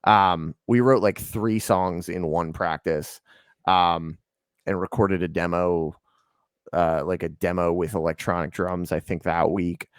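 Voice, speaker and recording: A man's voice: low-pitched, steady tone, measured pace, clear, resonant tone, no room sound, clean studio sound. A man from Atlanta, a band's lead singer, chatting casually in an interview with a rambling, laid-back way of talking full of ums and likes. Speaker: lead singer and band guest.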